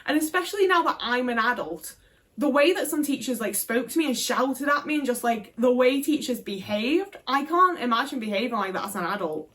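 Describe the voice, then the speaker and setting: Young woman vlogging, swears a lot, kinda high voice, lots of likes and restarts. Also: lively intonation, brisk, a bit bright. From Britain. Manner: frank, frequent swearing, emphatic; many fillers and restarts. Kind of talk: casual storytelling to camera.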